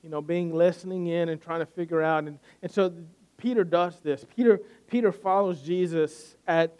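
A man's voice: on the high side, moderate pace, a little mellow, clear, resonant tone. A man preaching a sermon, retelling a scripture story in a conversational way and often restarting with repeated words.

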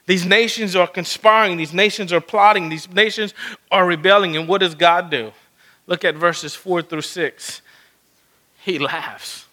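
Bright high-voiced preaching man. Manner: preaching, acts out God's words in quoted asides. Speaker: pastor. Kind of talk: sermon.

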